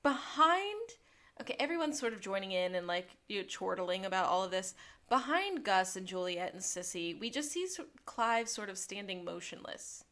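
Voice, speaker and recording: Woman co-host for a casual recap podcast, lively storyteller who drops into quotes. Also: medium pitch, moderate pace. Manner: lively retelling, slipping into quoted voices. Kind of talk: casual episode recap chat.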